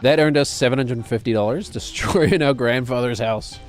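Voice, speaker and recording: A man's voice: mid-range voice, normal speed, few pauses, faint music behind. A man streaming a game, rambling and joking to himself as he plays. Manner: rambling, jokey, talks to himself while playing. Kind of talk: casual gameplay commentary.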